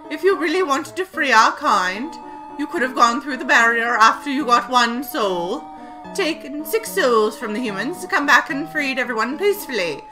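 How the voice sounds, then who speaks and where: A woman voicing a gentle motherly goat monster queen with a put-on British accent, formal and kindly. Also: high-pitched, pitched below the performer's own voice, full character voice, poor audio.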